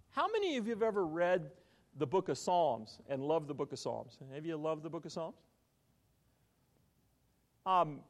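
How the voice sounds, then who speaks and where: A man preaching a sermon as a pastor, telling stories and quizzing his congregation with questions. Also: a little high. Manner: animated storytelling, quizzing the congregation.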